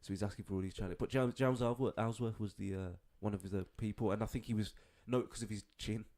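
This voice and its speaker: A man's voice: fairly low pitch, steady tone, fast, darkish tone. A man co-hosting a podcast, chatting casually, swearing freely and laughing often. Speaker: podcast co-host. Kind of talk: casual chat.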